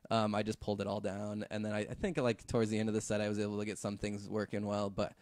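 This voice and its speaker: A man's voice: fairly low pitch, quick pace, dry recording, clean studio sound. A man, a visual effects artist, telling a story in a casual podcast chat, full of fillers and swearing. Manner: relaxed, filler-heavy, swears freely.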